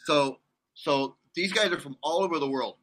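A man in his sixties from California, a guest telling rambling, animated stories with many restarts in a casual interview. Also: fairly high pitch, moderate pace. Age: 60s.

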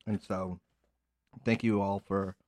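A man in his forties co-hosting a casual podcast, quiet and hesitant, laid-back in his speech. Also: sits low, little pitch movement, slow, no room sound. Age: 40s. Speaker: podcast co-host.

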